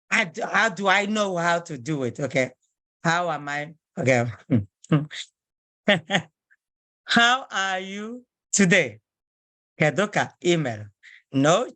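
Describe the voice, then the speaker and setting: Woman teacher, slow and patient, animated pitch, dry close sound. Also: no room sound. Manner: slow, patient, repeats phrases word by word. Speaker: language teacher. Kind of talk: online language lesson.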